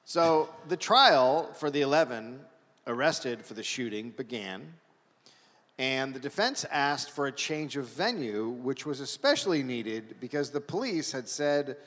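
A man co-hosting a live comedy podcast, reading a history story deadpan from his notes. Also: mid-range voice, a little slow. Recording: live venue with hall reverb.

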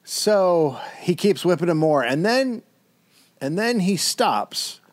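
A man's voice: high voice, very animated, slow pace. A man co-hosting a comedy podcast, casually retelling a historical story with wry asides.

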